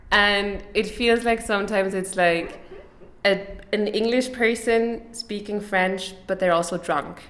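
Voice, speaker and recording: A young woman from Switzerland talks loosely and quickly as a podcast guest, often laughing and poking fun at herself. Her voice sits at a middle pitch. The room around her has a clear echo. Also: fairly bright tone. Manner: chatty, laughs often, self-deprecating. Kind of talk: casual interview chat.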